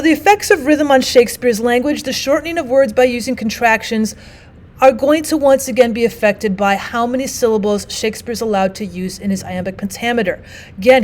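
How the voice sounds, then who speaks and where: Woman, teacher, recorded lesson, slightly high voice, explanatory delivery. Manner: explanatory, reads quotes aloud with emphasis. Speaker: language arts teacher.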